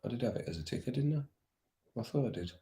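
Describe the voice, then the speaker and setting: A man's voice: mid-range voice, animated, quick pace, dark tone. A man hosting a casual football watch-along stream, chatting with viewers by name and laughing often. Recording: roomy echo.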